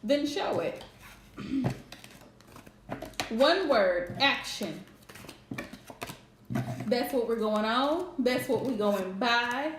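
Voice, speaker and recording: Woman, tarot reader on a live stream: high voice, unhurried, blunt and emphatic delivery. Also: lively intonation, reverberant, background noise. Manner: blunt, emphatic, chatty with viewers. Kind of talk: casual live-streamed reading. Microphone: streaming setup.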